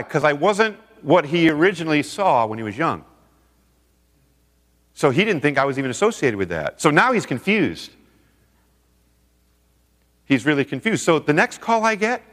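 A seminar speaker with a fairly high-pitched, fairly bright voice entertains a men's group with stories, playing both parts of each conversation himself. A long reverb from the hall hangs on his words.

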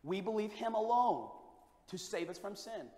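Male revival preacher, very high voice, moves between quiet and shouting, long echo of a church hall. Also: lively intonation, normal speed. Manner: swings from hushed to shouting. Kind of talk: revival sermon. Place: church sanctuary. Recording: echoey hall with long reverb.

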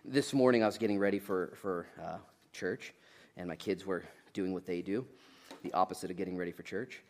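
A man in his thirties preaching a sermon, jokey and animated, swinging between loud bursts and quiet asides. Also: low-pitched, brisk. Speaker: pastor.

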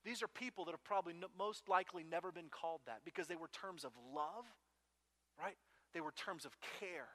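Bright-voiced storytelling pastor, man. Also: high voice, a little fast. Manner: storytelling, conversational with frequent "right?" asides. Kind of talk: sermon.

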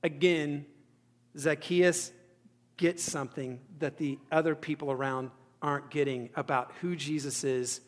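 A man's voice: on the high side, fairly even intonation, measured pace. A man preaching a sermon in a conversational, self-deprecating way, acting out the thoughts of the people in his story. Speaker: pastor. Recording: hall reverb.

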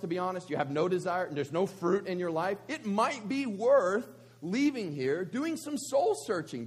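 A pastor preaching a conversational sermon at a church service, asking many rhetorical questions. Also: male voice, high voice, slightly rough.

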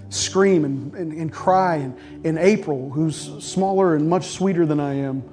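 A man's voice: fairly high pitch, darkish tone. A middle-aged male pastor preaching a sermon, telling a personal story earnestly and repeating words as he builds his points.

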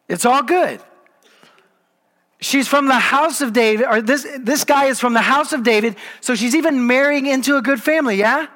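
High-voiced preacher man in a reverberant hall. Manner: conversational storytelling, animated asides. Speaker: pastor. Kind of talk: sermon.

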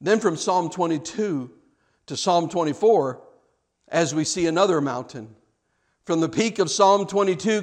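Male preacher, high voice, dramatic sermon delivery, loud cries then hushed passages. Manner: repeats words in rushes.

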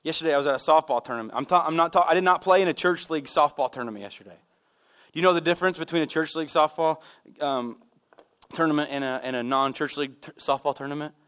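Man, pastor, sermon, high voice, animated storytelling, self-mocking humor. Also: fast, clean tone. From United States. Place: church sanctuary.

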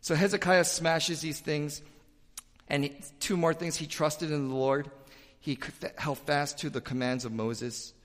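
Animated man preaching in an echoing church. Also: a little high, measured pace. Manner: animated preaching with sudden loud emphatic bursts and asides to the congregation. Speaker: pastor. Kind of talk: sermon. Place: church sanctuary. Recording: reverberant church hall.

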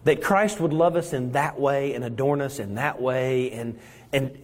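A male pastor preaching a sermon, dramatic and swinging between loud emphasis and hushed moments. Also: mid-range voice, unhurried. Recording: long reverb in a large hall.

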